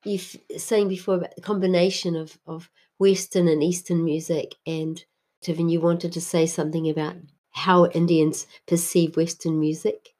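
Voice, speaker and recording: A woman interviewing, asking gentle follow-up questions and giving short affirmations. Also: fairly low pitch, flat delivery, moderate pace, few pauses.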